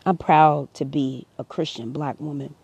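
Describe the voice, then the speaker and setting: A woman's voice: deep voice, steady tone, unhurried, vocal fry, a little mellow, husky, no echo. A woman speaking to camera, earnest and preachy, her voice rising to emphatic peaks. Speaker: vlogger. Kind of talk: impassioned personal commentary.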